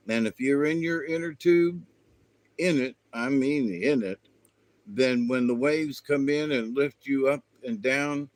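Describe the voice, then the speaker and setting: A man's voice: mid-range voice, dry recording. A man hosting his own spiritual channel, talking in a meandering, folksy way with lots of fillers. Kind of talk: rambling spiritual monologue.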